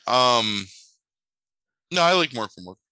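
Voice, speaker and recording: Man, casual chat, animated storyteller with a swinging pitch and a bright edge, dry close mic. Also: slow, clean tone, dry recording, poor audio. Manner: animated storyteller, swears casually, acts out voices.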